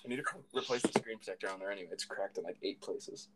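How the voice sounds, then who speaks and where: A young man in casual chat, answering with quick protesting, deadpan retorts. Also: sits low, rough recording. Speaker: chat partner.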